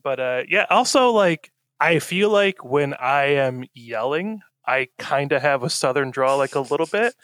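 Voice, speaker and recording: A man's voice: mid-range voice, lively intonation, measured pace, few pauses, a bit bright, dry recording, studio quality. A man with a young daughter chatting casually on a podcast, rambling with lots of fillers and restarts. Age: adult with a young daughter. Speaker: podcast co-host. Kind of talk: casual chat.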